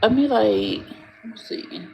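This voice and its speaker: A woman's voice: medium pitch, unhurried, creaky, mellow, slight background noise. A woman chatting to viewers while doing hair, swearing freely and calling them y'all. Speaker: hair vlogger.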